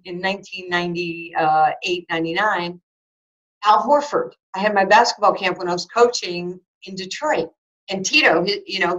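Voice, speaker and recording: A woman in her fifties, from New York, tells animated anecdotes in an interview, full of fillers and acted-out quotes. Her voice sits on the low side. The recording sounds a little dull and muffled. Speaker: guest, former basketball player and coach.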